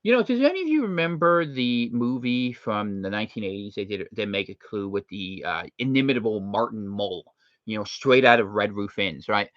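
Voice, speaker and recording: Animated man hosting casual commentary. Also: fairly low pitch, no room sound. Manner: animated, jokey, slips into quick impressions. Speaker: host. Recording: dry, slightly muffled lo-fi recording.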